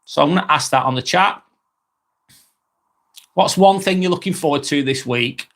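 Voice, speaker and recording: Relaxed man, slow live-stream chat. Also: on the high side. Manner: slow, relaxed, rambling with many fillers and apologies. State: slightly under the weather, occasional cough. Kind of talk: casual live-stream chat reading comments.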